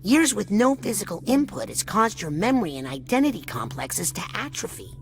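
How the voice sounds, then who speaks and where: A woman's voice: medium pitch, sing-song, a little fast, slight background noise. A woman voicing a curious, earnest young boy psychic who asks questions and makes quips. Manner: inquisitive, quippy. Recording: game music playing behind.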